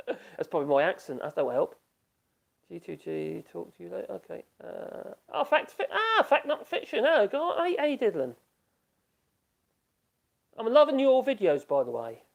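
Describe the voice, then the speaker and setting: A man's voice: sits high, sing-song, normal speed, creaky, highs cut off. A man hosting a casual live stream from his home workshop, chatting loosely and laughing often as he reads out and reacts to viewer comments.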